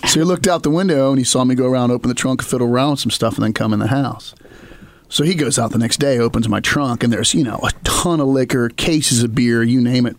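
A man's voice: mid-range voice, quick pace. A man telling a story in a casual podcast chat, acting out the other voices in it. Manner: animated storyteller, acts out quoted voices. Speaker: podcast co-host.

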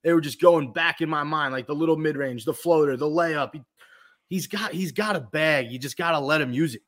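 Upbeat higher-voiced podcast host. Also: male voice, a little fast, fairly bright tone. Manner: upbeat, playful, steering segments. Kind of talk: casual sports chat.

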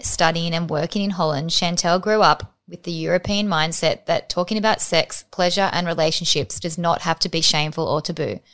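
A woman with a somewhat low voice reads out a scripted guest introduction for a podcast. She drifts into chatty asides with light laughs between the prepared lines. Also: fairly bright tone. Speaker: podcast co-host.

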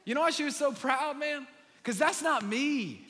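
Animated pastor in a reverberant hall. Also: male voice, very high-pitched, moderate pace. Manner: animated storyteller, earnest in prayer. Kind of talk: sermon with story and prayer. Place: large room with congregation.

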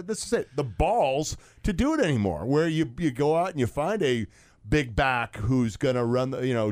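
A man's voice: medium pitch, darkish tone, no room sound. A man who played football, chatting casually and telling rambling anecdotes with plenty of fillers. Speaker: co-host, former football player. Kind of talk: casual sports chat, storytelling.

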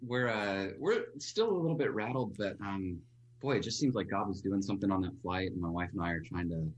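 A man, a pastor, telling a personal story as a radio guest in an earnest, halting way with frequent restarts. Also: low-pitched, lively intonation, a little hiss or hum.

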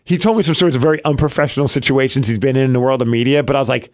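A man's voice: mid-range voice, very fast. A man co-hosting a podcast, chatting casually and retelling a story with lots of quoted back-and-forth. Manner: animated storyteller, acts out quoted dialogue. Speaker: podcast co-host. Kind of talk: casual chat.

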